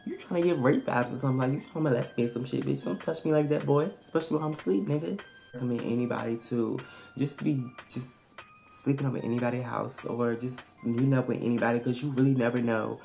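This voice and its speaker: A woman vlogger telling a storytime in a casual, blunt and profane way, animated and emphatic as she retells it. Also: a bass voice, fast, gravelly, soft background music.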